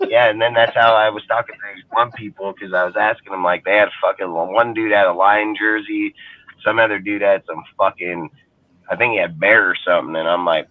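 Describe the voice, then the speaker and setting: A low-voiced man rants in a loud, crude, swear-filled sports chat, mocking rival fans. His voice comes through a thin, phone-like line that cuts off the lows and highs. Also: fairly even intonation, fairly quick. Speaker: podcast co-host. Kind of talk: profane casual sports chat. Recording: phone-like narrow band.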